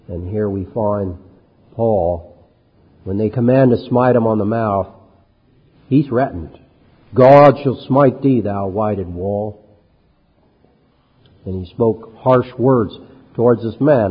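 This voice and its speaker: A man with a lowish, slightly rough voice delivers an expository sermon, reading scripture aloud with building force before commenting conversationally. The lo-fi recording carries a long hall reverb.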